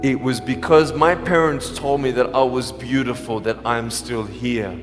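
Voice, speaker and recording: A man giving an emphatic motivational speech to a school audience, swinging between hushed and loud. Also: mid-range voice, steady tone, unhurried, hardly any pauses, over music. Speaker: motivational speaker. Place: large school hall. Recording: echoey hall reverb.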